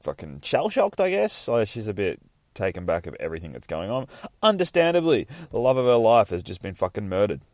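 A man's voice: low-pitched, darkish tone, dry recording, studio quality. A man casually reading a comic aloud, narrating panels in a chatty, profane way. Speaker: comic reader.

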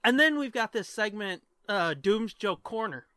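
A man hosts a podcast with loose, profane chatter and frequent laughs. His voice is bright and forceful. The sound is close and dry. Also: high voice, expressive, moderate pace, clear, resonant tone, no room sound. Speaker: podcast host. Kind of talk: casual podcast chat.

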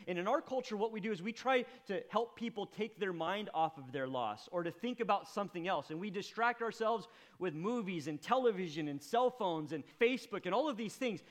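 A man preaching a sermon, swinging from hushed, intimate lines to loud, impassioned appeals. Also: sits high, expressive, brisk. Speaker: pastor.

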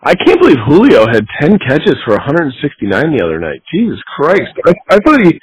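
A man's voice: on the high side, huge pitch swings, fairly quick, breathy edge, dry recording, lo-fi sound. A man chatting casually about fantasy football, teasing and laughing a lot. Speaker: podcast co-host.

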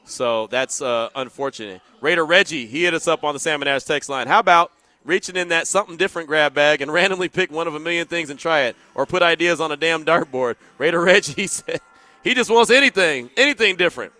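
Male talk radio host, high, bright tone, loose jokey chat, dry studio sound. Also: fairly quick, no echo. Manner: chatty, joking asides.

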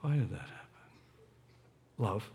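A middle-aged man preaching a sermon as a guest speaker in a church, lively and joking, repeating lines for emphasis into a stage microphone. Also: lowish voice, unhurried, a little hiss or hum. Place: church sanctuary.

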